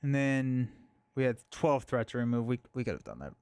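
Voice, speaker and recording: A man's voice: medium pitch, sing-song, fairly quick, darkish tone, clean tone, dry recording. A man hosting a live stream, chatting casually and thinking aloud, with frequent fillers and restarts.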